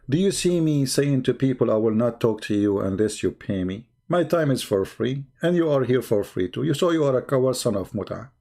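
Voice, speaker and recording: A man's voice: a little high, a little mellow. A man hosting a livestream, mocking and taunting a critic with repeated rhetorical questions as he talks to viewers. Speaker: online debate host. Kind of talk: livestream commentary addressing viewers.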